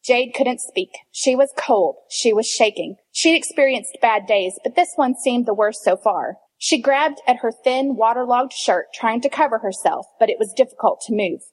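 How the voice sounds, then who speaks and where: Higher-voiced woman reading a story aloud. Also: normal speed, few pauses. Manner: expressive, breaks into laughter and asides. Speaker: reader. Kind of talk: reading fan fiction aloud.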